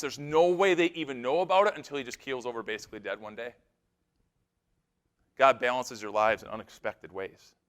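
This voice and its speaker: On a conference stage, a male pastor gives a keynote sermon in a voice on the high side. He tells stories animatedly, swinging between loud bursts and hushed, serious moments.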